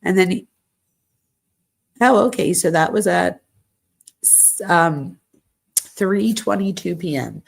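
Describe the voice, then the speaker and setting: A woman's voice: fairly low pitch, lively intonation, slow pace, vocal fry, long pauses. A woman hosting a show, reading text messages aloud and adding dry, sarcastic asides. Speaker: host.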